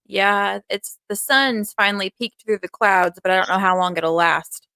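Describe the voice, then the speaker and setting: A woman's voice: mid-range voice, moderate pace, sharp tone, smooth, no room sound. A woman co-hosting a live podcast show, who gives brief, easygoing replies in casual chat. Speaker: podcast co-host.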